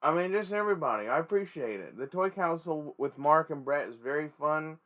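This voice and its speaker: A man's voice: a little high, fairly quick. Rambling, foul-mouthed male vlogger. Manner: profane, rambling, excitable. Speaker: toy collector and channel host. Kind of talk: casual rambling vlog.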